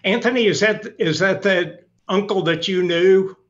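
A man moderating a panel who asks his questions in an unhurried, hesitant way. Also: sits high, highs cut off.

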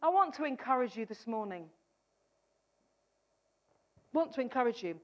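A woman's voice: fairly high pitch, animated, normal speed, dull audio. A woman preaching a sermon, emphatic, often repeating her key phrases and acting out a doubter's replies.

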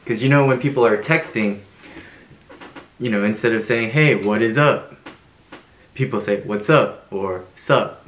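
A man's voice: lowish voice, a bit bright, slight background noise. Upbeat man teaching in an echoey room. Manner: upbeat and playful, laughs often, repeats phrases slowly. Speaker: Korean language teacher. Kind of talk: casual video lesson.

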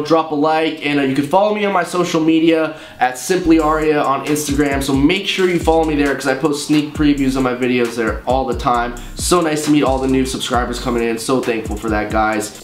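A young man hosting a jokey music production tutorial, talking casually and swearing a lot. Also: on the high side. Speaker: music producer and channel host.

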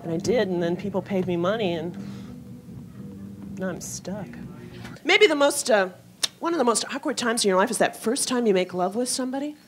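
A young woman does a stand-up set on a club stage, wry and self-mocking, her voice sitting at an ordinary pitch. She talks into a handheld mic, and the live recording carries a steady hiss. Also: brisk, long pauses. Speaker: stand-up comedian.

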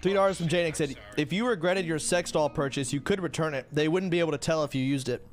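A man's voice: on the high side, fast, faint music behind. A man streamer reading out donation messages, bemused. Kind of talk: casual livestream talk.

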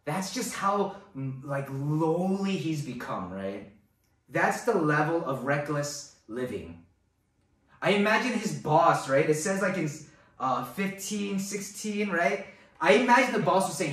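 A man preaching a sermon in an animated way, often adding "right?" to his points. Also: a little high, moderate pace. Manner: animated, acts out quoted voices with many "right?" tags. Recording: echoey hall, voice from far off.

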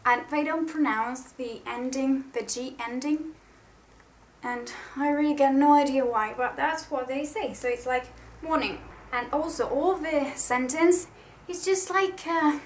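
Italian woman, chatty and fairly high. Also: a little hiss or hum, poor audio. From Italy. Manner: chatty, eager, self-deprecating. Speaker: YouTuber. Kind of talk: casual explainer vlog.

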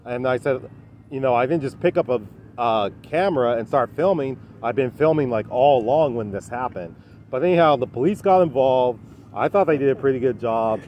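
A man's voice: mid-range voice, animated, brisk, lo-fi sound, a little hiss or hum. A man talking casually to camera outdoors at a dog park, rambling with plenty of fillers and "anyhow".

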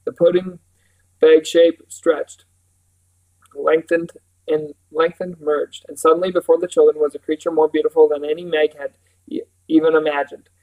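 Slightly high-voiced man reading a novel. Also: low-quality recording. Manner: steady reading with occasional self-corrections. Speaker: reader.

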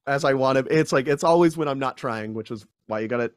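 A man, a guest actor, chatting casually in an interview and acting out quotes with lively voices. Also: mid-range voice, quick pace, clear, resonant tone, no echo, clean studio sound. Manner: animated storyteller, acts out quotes in voices.

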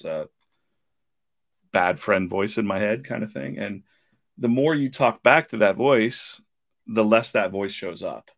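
A man's voice: lowish voice, moderate pace. A man hosting a live podcast, talking casually with many fillers and restarts while drawing. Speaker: podcast host.

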